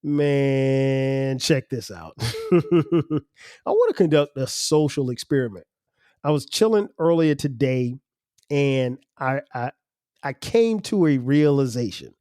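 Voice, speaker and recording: Brief: male podcast host, mellow voice a touch high, loose rambling delivery, dry close studio mic. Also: animated, takes it slowly, no room sound. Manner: loose, rambling, restarts words often. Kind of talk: casual solo podcast talk.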